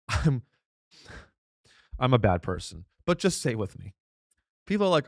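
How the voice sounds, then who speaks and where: A man's voice: medium pitch, lively intonation, normal speed, long pauses, no room sound, studio quality. A man hosting a comedy podcast, delivering a mock-outraged, ironic rant full of restarts and rhetorical questions.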